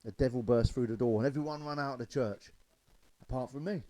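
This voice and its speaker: A man's voice: medium pitch, quick pace, mellow, rough recording. A man telling stand-up jokes, loose and chatty, chuckling at his own punchlines. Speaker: stand-up comedian.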